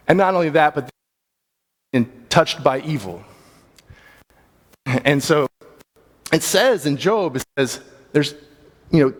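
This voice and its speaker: A man teaching a church Bible class in a casual, plain-spoken way, thinking aloud as he goes. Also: fairly high pitch. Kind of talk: conversational Bible class talk. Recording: long hall reverb.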